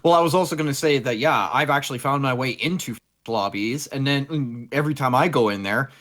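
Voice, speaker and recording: A man's voice: mid-range voice, brisk. A man from Canada talking casually about gaming, telling stories with playful voices. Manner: animated storyteller who puts on playful voices. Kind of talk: casual chat.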